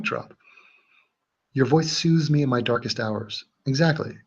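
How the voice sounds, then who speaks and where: A man's voice: medium pitch, a little slow, long pauses, husky, dull audio. A man hosting a livestream, reading out chat comments and chatting casually in a rambling, joking way. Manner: rambling, joking, with fillers and restarts.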